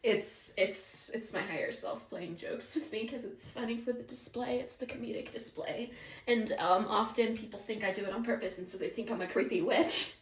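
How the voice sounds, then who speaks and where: A woman's voice: medium pitch, normal speed, recorded from a distance. A young woman streaming from her bedroom, chatting casually with lots of swearing and rambling asides. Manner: swearing, rambling, swings between giddy and teary. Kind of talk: casual chat. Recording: roomy echo, a bit off mic.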